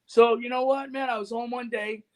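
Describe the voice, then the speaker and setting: A man with a notably high speaking voice tells long, loose stories as a guest on a talk show. He rambles from one thread to the next and peppers nearly every phrase with "you know" and "man". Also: steady tone, normal speed. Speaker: guest musician and radio host. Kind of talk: casual interview storytelling.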